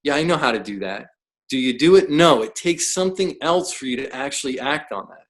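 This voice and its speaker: A man's voice: mid-range voice, lively intonation, a little fast, poor audio. A man who is a professional coach, talking as a podcast guest in an emphatic, blunt way, full of rhetorical questions. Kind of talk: podcast interview.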